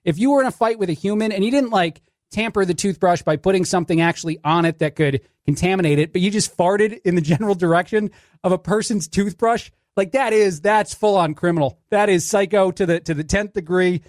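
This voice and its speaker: A man's voice: high-pitched, a little fast, darkish tone, dry recording, clean studio sound. A man filling in as a radio talk show host, rambling sarcastically through a casual monologue. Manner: sarcastic, rambling, restarts often.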